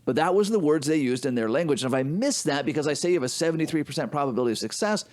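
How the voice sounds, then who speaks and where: A man's voice: a little high, lively intonation, racing, a little mellow. A man co-hosting a financial advice podcast, explaining his points emphatically and often checking in with "right?". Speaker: podcast co-host, financial advisor. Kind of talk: casual business podcast chat.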